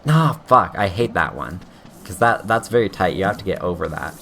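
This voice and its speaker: A man's voice: low-pitched, animated, brisk, vocal fry, fairly bright tone, a little hiss or hum. A man streaming a video game, thinking aloud with frequent swearing, restarts and sudden yelps when things go wrong. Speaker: streamer playing a game blind. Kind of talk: casual gameplay commentary.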